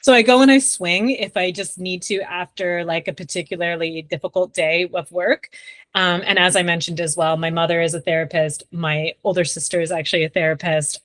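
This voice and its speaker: A young woman talks casually as a podcast guest, her voice sitting a little low for a woman. She rambles warmly through fillers like "like" and "um". The sound is dry and close, with no room echo. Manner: chatty, frequent "like" and "um". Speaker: sex therapist, podcast guest.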